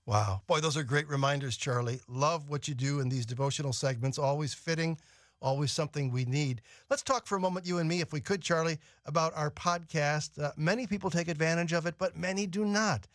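A man's voice: a little high, a little fast, dry recording. A man co-hosting a radio program who chats in a friendly, conversational way and reads out announcements. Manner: friendly, conversational, with filler uhs. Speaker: radio co-host. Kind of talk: casual radio chat and announcements.

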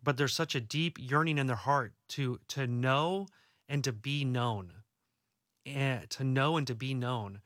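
A man's voice: medium pitch, measured pace, a bit bright, no echo, clean studio sound. A young adult man, an author and guest, talking earnestly and reassuringly in a casual faith-based interview, often restarting his words.

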